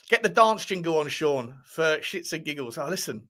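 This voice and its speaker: A man hosts a football live stream in a loose, joking way. He swears freely and says many phrases twice. His voice sits on the high side. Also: expressive, brisk, a bit bright. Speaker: football podcast host. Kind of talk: casual live-stream chat.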